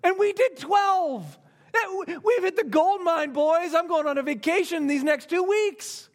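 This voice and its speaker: A man voicing a group of male day laborers who shout their demands loudly. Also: very high voice, measured pace, pitched above the performer's own voice. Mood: gleeful. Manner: loud exclamations. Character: boisterous group of male day laborers, greedy then indignant.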